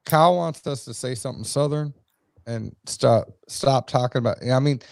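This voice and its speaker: A chatty man from New England jokes around with friends in a casual podcast conversation. His voice is mellow and warm, recorded dry and close. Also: medium pitch, moderate pace, vocal fry, no room sound. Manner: joking, chatty. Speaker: podcast co-host. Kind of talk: casual chat over drinks.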